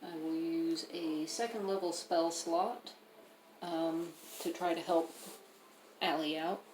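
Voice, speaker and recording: A woman's voice: deep voice, steady tone, slow, a little mellow. Hesitant woman tabletop player. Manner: hesitant, filler-heavy. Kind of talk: casual tabletop play. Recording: roomy room, faint noise.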